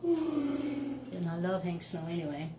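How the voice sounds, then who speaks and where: Tired, chatty woman, slow talker. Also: lowish voice, sing-song, heavy background noise. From Canada. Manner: chatty, laughs easily, hushed at times. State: tired from lack of sleep. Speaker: musician hosting a live show. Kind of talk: casual chat between songs.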